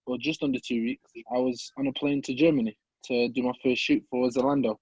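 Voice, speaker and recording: A young man from England with a Midlands accent, a podcast guest telling his story in a lively way, acting out the people in it. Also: medium pitch, brisk, slightly rough, dry recording. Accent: English Midlands. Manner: animated, acts out voices of people in his story. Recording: slightly muffled dry recording.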